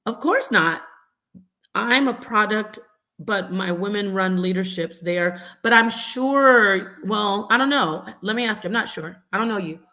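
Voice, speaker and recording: A middle-aged woman, a mother, hosting a live stream and answering chat comments with animated, repetitive explanations. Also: medium pitch, measured pace. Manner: animated, acts out quoted voices, repeats points.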